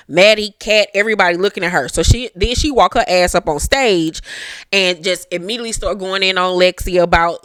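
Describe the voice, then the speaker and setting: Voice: mid-range voice, clear, resonant tone, no echo. A host recapping a television episode in a casual, comedic way, swearing freely and acting out the characters in shifting voices, with speech. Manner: animated, profane, acts out characters in shifting voices.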